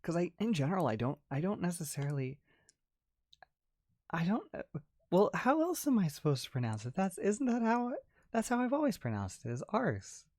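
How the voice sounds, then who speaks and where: A young adult ASMR creator chats casually on a livestream and reads out viewers' messages. The voice swings widely in pitch, and the talk is full of restarts and "like" with frequent giggling. It sounds dry and close on a good mic. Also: very animated, normal speed, a little mellow, no room sound. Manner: chatty, lots of "like" and restarts, giggles often.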